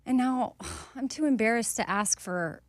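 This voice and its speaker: Woman, radio co-host, chatty and earnest, slightly high voice, dry studio mic. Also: unhurried, no echo. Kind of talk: casual morning radio chat. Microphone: studio microphone.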